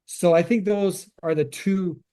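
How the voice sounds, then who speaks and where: A man's voice: high voice, fairly even intonation, measured pace, mellow, clean tone. A man co-hosting a real estate podcast, explaining rules step by step and recapping them. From Canada. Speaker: realtor podcast co-host. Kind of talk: casual podcast chat.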